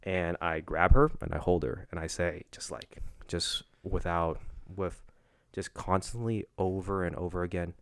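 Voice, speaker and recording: A young man co-hosting a podcast, telling a personal story in a casual, halting way with many restarts. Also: deep voice, fairly even intonation, smooth, no echo, clean studio sound. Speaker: podcast co-host. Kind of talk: casual chat.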